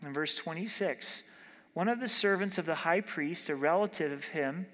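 A male pastor preaches a sermon in a chatty, conversational way and acts out bits of dialogue with everyday examples. His voice sits fairly high, and a long reverb trails it through a church hall. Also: moderate pace, a bit bright. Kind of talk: expository sermon.

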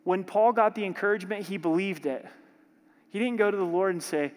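A man's voice: high voice, normal speed. A man preaching a sermon as pastor, emphatic and dramatic, acting out prayers and joking with the congregation. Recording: long hall reverb.

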